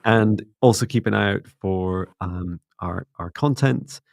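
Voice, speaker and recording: A middle-aged man hosting a spiritual livestream, talking in a soft, gently meditative way. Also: fairly low pitch, measured pace, vocal fry, no room sound, studio quality. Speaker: psychic mentor and livestream host. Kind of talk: casual livestream chat and guided closing.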